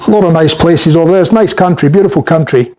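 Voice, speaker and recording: Scottish guy, softened accent, high-ish voice, middle aged, chatty and a bit hesitant while he works. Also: quick pace, rough recording. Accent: mild Scottish. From Scotland. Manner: friendly, chatty with viewers, hesitant fillers. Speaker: woodturner live-streaming. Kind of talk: casual chat while working.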